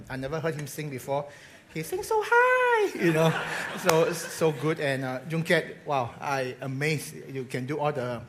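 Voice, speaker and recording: A man preaches in a church with energy, stumbling over repeated words as he goes. His voice sits a little high, and he keeps drawing the congregation into call-and-response. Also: fairly bright tone. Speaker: pastor. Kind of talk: sermon. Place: church hall.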